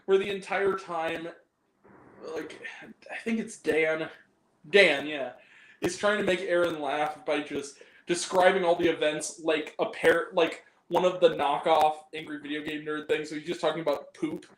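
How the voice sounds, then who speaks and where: A man's voice: fairly high pitch, fairly even intonation, a little slow, fairly bright tone, a little hiss or hum. Rambling man in an echoey room. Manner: rambling, laughing, crude jokes. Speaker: movie review host. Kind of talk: casual chat with a guest.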